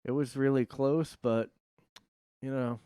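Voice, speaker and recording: Guy from south jersey rambling into his mic at home, smooth clear voice, lots of uhs and likes, super dry sound. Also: mid-range voice, steady tone, measured pace, warm tone, no room sound. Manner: rambling, filler-heavy and jokey. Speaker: podcast host. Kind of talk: casual solo monologue. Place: his own room.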